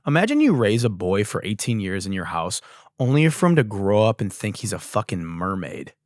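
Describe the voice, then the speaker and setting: A young man hosts a podcast in a lowish, sing-song voice, riffing crudely and sarcastically at a brisk clip. His casual comedy swings between mumbles and loud outbursts, recorded with clean studio sound and no echo.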